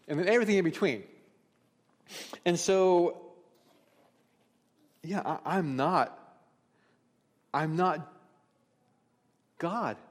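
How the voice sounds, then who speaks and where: A middle-aged man preaching a sermon as pastor, telling stories in a conversational, candid way. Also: a little high. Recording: long reverb of a large hall.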